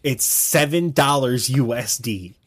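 A man's voice: mid-range voice, slow, slight background noise. A man chatting casually on a gaming podcast, ranting animatedly and mocking beggars in silly voices. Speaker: co-host, streamer.

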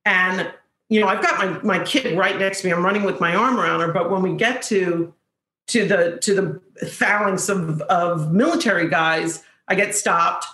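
A woman, an actress guest, telling an animated behind-the-scenes story with quick quoted lines. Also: on the low side, reverberant, low-quality recording. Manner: fast storytelling with quoted voices. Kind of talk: animated anecdote.

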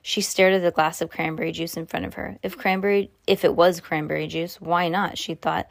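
A woman's voice: low voice, steady tone, moderate pace, creaky, few pauses, no echo, clean studio sound. A woman reading a novel aloud, stumbling now and then and restarting her sentences. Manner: unpolished reading with frequent slips and restarts. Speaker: reader.

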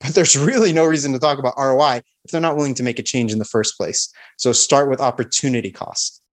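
A man of ordinary pitch explains, confident and instructive, how to open a sales call. He talks through each step in a clear, practical way. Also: fast. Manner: confident, instructive, acts out sample calls. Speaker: sales expert guest.

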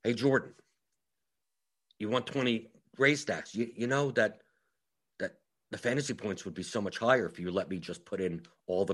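A man's voice: medium pitch, pushed and bright. A man voicing an eager, stubborn optimizer program that coaxes the user in a sing-song way. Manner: coaxing, sing-song repetition.

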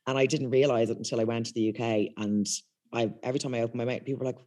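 A woman's voice: very deep voice, racing. A woman from Ireland with an Irish accent, chatting as a comedian guest over a video call. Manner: chatty, animated storyteller. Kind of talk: casual chat. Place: outdoors in public.

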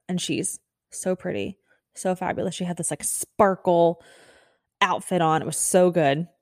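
Chatty woman telling a story, low voice. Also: no echo, studio quality. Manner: chatty, self-deprecating, animated storytelling. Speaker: podcast host. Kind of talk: casual storytelling.

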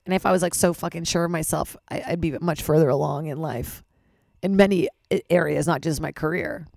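Low, gravelly-voiced woman rambling candidly. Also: a little fast, darkish tone, no echo, studio quality. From Los Angeles-based. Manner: rambling, self-deprecating, swears casually. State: slightly lost voice. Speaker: podcast host. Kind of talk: candid personal monologue.

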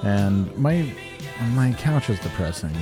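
A man's voice: on the low side, expressive, slow pace, music in the background. A man co-hosting a podcast, chatting casually and jokily, rambling and laughing often. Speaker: podcast co-host. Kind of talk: casual chat.

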